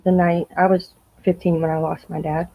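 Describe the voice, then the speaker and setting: A woman's voice: fairly low pitch, little pitch movement, normal speed, gravelly, highs cut off. A woman guest in a casual livestream chat, speaking frankly and emphatically and swearing now and then.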